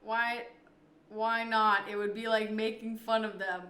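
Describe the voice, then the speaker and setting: A woman's voice: a little high, little pitch movement, measured pace, fairly bright tone, roomy sound. A woman streamer chatting casually with her viewers and answering their messages. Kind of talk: casual live-stream chat.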